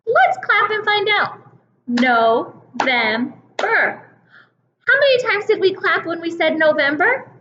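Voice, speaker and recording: A young woman teaching a kindergarten calendar lesson, slow, sing-song and encouraging, stretching out her words. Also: extremely high pitch, expressive, sharp tone, echoey room, lo-fi sound, a little hiss or hum.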